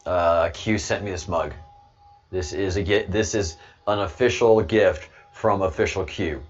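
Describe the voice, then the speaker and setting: Low-ish guy talking slow to his chat, keeps repeating words n chuckling, muffled stream audio. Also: husky, soft background music. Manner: rambling, stammers and repeats words, chuckles often. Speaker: livestream host reading chat. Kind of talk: casual livestream chat.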